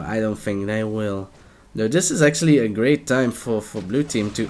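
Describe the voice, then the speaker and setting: A man's voice: on the low side, animated, moderate pace, darkish tone. A young man casting a ranked online game match with play-by-play commentary, joking asides and sentences that trail off. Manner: playful, jokey asides, trails off mid-sentence. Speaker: game caster. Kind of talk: live esports play-by-play commentary.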